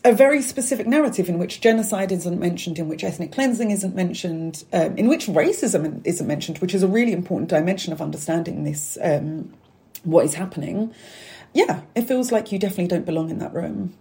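Woman, thirties, mellow tone, candid, chatty interview guest. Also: fairly low pitch. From England. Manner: candid, animated, with fillers and asides. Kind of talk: interview conversation.

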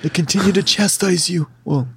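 A man's voice: sits high, a little fast, vocal fry, breathy edge, no echo, studio quality. A man narrating a tabletop fantasy game as game master, with theatrical, vivid descriptions and playful asides.

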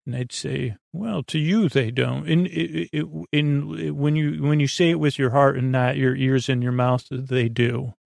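A man hosting a sleep podcast, rambling in a slow, meandering way full of fillers and restarts. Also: mid-range voice, flat delivery, gravelly, no room sound. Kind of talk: rambling bedtime podcast chat.

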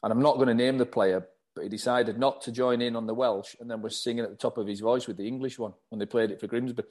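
A man's voice: medium pitch, fairly even intonation, fast, a little mellow. A man, a former footballer, chatting as an interview guest, running through details from his notes and laughing often. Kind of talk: casual interview chat.

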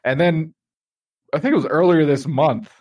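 A man's voice: on the high side, normal speed, a little mellow, dry recording. A man co-hosting a podcast, telling a story in casual chat, rambling and laughing often. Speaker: podcast co-host.

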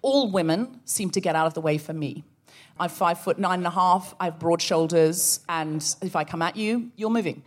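Woman, podcast co-host, animated live storytelling on stage. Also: on the low side, normal speed. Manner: animated, acts out voices in stories. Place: live show venue.

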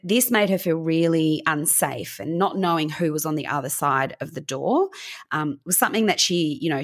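A woman co-hosting a podcast, telling a story in a chatty way with plenty of fillers. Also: fairly low pitch. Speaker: podcast co-host. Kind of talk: casual podcast chat, storytelling.

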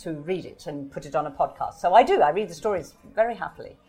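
A woman's voice: fairly low pitch, lively intonation, fast, mellow, slightly rough. A woman author speaking in a live question-and-answer session, thoughtful and hesitant, often restarting her sentences. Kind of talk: live Q&A conversation.

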